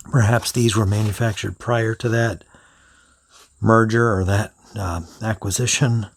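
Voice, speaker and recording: A man with a very low, husky voice talks through a product review, musing aloud at an unhurried pace and slipping into soft whispered asides. The sound is close and dry, with no room around it. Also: dry recording. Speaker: pen reviewer.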